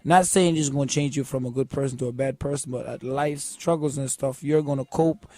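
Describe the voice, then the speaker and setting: A man's voice: mid-range voice, fairly even intonation, fairly quick, dark tone, dry recording. A man with a Jamaican accent, a musician guest telling his story in a laid-back way, often asking "you know what I'm saying". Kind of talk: casual interview talk.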